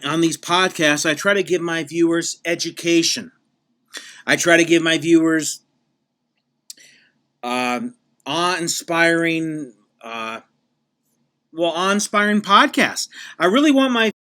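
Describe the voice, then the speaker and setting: A man's voice: fairly high pitch, bright, forceful tone. A man playing a pompous podcast guest who rambles and keeps restarting his sentences in a comedic interview. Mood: earnest. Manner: rambling, repeats himself, many restarts. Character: rambling self-important male podcast guest, adult.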